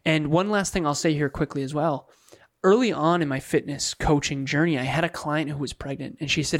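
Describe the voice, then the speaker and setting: A man's voice: a little high, fairly quick, no echo, studio quality. A man who works as a fitness coach, co-hosting a podcast in casual talk. He sounds earnest and repeats words for emphasis.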